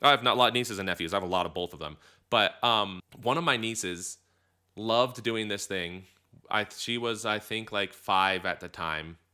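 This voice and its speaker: A man's voice: on the low side, moderate pace, sharp tone, clean tone. A man co-hosting a casual podcast chat, rambling and correcting himself as he goes, laughing often. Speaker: podcast co-host.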